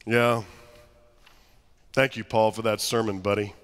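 A man preaching a sermon as pastor, telling stories with humor and lively asides to his congregation. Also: fairly low pitch, unhurried, noisy background. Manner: animated, humorous storytelling to a congregation. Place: church sanctuary. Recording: long church reverb.

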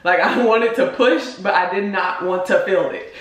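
A woman's voice: mid-range voice, normal speed, heavy reverb, far from the mic. A woman in her twenties chatting to her viewers, emotional and close to tears, often laughing. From United States. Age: 20s. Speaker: vlogger. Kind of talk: emotional reaction vlog commentary.

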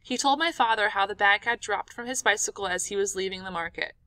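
A woman narrating an audiobook in an expressive, dramatic storytelling manner. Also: medium pitch, quick pace, no room sound.

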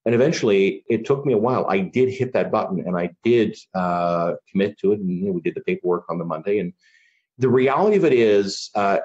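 A man's voice: lowish voice, animated, brisk, a little mellow. A middle-aged man, a podcast guest, telling a personal story in an earnest, casual way full of "you know" fillers, on a dull lo-fi recording.

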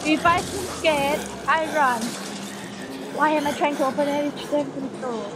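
A woman's voice: high-pitched, fairly even intonation, unhurried, noisy background. A woman commenting on a horror game as she plays, panicky and swearing, shrieking and laughing nervously. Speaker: gamer. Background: game music.

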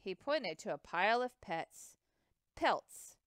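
Expressive woman reading a storybook aloud. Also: mid-range voice, a little slow, smooth, no echo. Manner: expressive reading with occasional slips and restarts. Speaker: reader.

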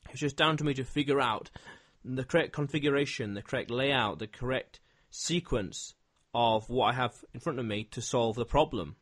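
A man's voice: mid-range voice, normal speed, fairly bright tone. A man, hosting a podcast interview and explaining his ideas step by step in a reflective way. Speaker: podcast host. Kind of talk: conversational interview.

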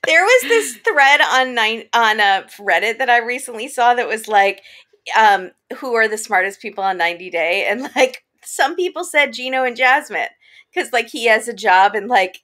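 Woman podcast guest, casual chat, bright voice, opinionated. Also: on the high side, expressive, normal speed. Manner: chatty, opinionated.

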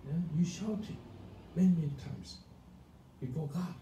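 A male pastor preaching a sermon, emphatic and animated, often asking the congregation whether they understand. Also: a little high, moderate pace. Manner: animated, emphatic, calls for responses. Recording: echoey room from far off, faint noise.

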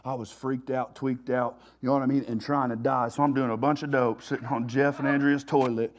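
A man speaking in church, preaching his own story of being rescued from addiction. He talks in loose street slang and acts out his old panic with animated energy, then drops into earnest exhortation. His voice sits at an ordinary middle pitch for a man. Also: fairly quick, slight background noise. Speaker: testimony speaker at a recovery revival. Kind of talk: sermon-style testimony.

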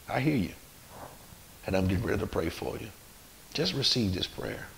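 A low-voiced man preaching a sermon. He calls out to his listeners and swings from quiet murmurs up to loud, emphatic peaks. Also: animated, normal speed, creaky, long pauses, low-quality recording. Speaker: pastor.

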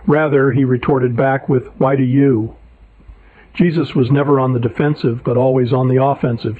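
A man preacher reading his own sermon paper aloud, emphatic and indignant. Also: medium pitch. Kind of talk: read sermon narration. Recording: tinny phone-like audio.

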